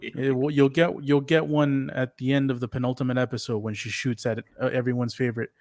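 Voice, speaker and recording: A man's voice: mid-range voice, level tone, darkish tone, dry recording. A man co-hosting a podcast, chatting casually and often repeating words as he searches for his point. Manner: halting, repeats words while searching for thoughts. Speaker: podcast co-host. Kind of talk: casual review chat.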